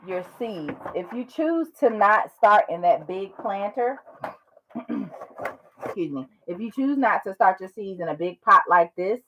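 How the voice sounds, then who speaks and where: A woman's voice: on the low side, lo-fi sound. A woman from North Carolina, casually explaining gardening step by step with frequent ums and "right?" checks. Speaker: gardening vlogger. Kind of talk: casual how-to demonstration.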